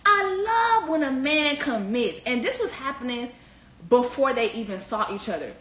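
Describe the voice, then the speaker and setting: Woman host, casual slangy gossip, profane, animated, higher voice, echoey room. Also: normal speed. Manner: animated, slangy and profane, with high-pitched exclamations. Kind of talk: casual reality-TV commentary.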